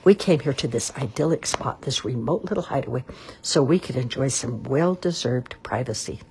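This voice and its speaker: Storybook read-aloud: woman doing a pompous, hot-tempered cob swan, deep, breathy edge. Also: lively intonation, moderate pace, darkish tone, full character voice. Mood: indignant. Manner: pompous, indignant complaining. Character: proud, fussy, quick-tempered male swan.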